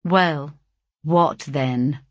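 A woman reading a storybook, voicing a defiant, insolent young gentleman husband with a gruff, scornful manner. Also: low voice, expressive, measured pace, dry recording, clean studio sound, full character voice. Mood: insolent, cold.

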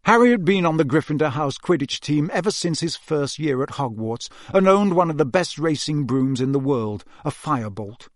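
A man narrating an audiobook in an even, calm storytelling voice. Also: on the high side, moderate pace, hardly any pauses, dry recording, studio quality. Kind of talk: scripted narration.

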